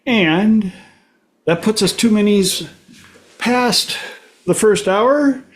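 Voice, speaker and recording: A man hosting a relaxed talk show, spinning anecdotes and playfully mimicking the people in them. His voice sits a little high for a man, and he takes his time, stretching out his words. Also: very slow. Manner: animated storyteller, acts out voices in anecdotes. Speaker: host. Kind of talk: casual group talk.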